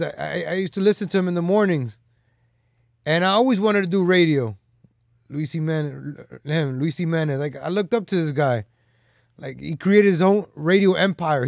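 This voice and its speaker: Rambling, slightly high-voiced male streamer. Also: gravelly, no room sound, clean studio sound. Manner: loose, with frequent "like" and "man" fillers; teasing and boastful. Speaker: live stream host. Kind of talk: casual rambling commentary.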